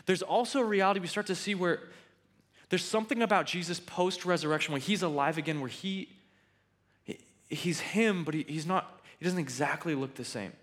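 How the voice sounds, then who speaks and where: A man preaching a sermon in an animated, conversational way with joking asides. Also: high-pitched, a little fast. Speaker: pastor.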